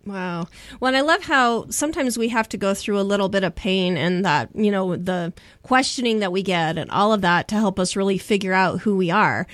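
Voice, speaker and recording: A woman's voice: mid-range voice, a little fast, few pauses, a bit bright, no room sound. A woman podcast host asking reflective follow-up questions in an interview.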